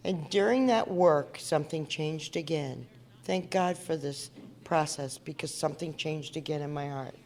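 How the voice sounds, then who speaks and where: A woman's voice: sits low, normal speed, a little mellow, slight background noise. A woman from Indiana speaking at a recovery meeting, telling her story in an earnest, conversational way and asking the audience questions. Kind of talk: personal recovery talk at a meeting. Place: meeting hall before an audience.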